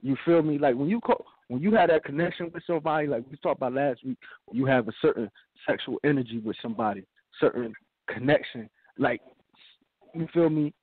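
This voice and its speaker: A man's voice: medium pitch, fairly quick, slightly rough, dry recording. A man co-hosting a casual radio talk show, laid-back, who keeps checking in with his listener. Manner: laid-back, keeps asking "you feel me?". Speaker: co-host. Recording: dry, tinny phone-like sound.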